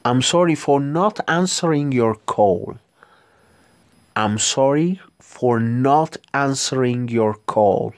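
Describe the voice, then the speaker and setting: An Ethiopian-accented man who speaks Amharic as his first language teaches English phrases to beginners. He says each phrase slowly and deliberately, then repeats it. His voice sits at an ordinary pitch and sounds close and dry, with no room echo. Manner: slow, careful repetition of model phrases. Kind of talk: language lesson.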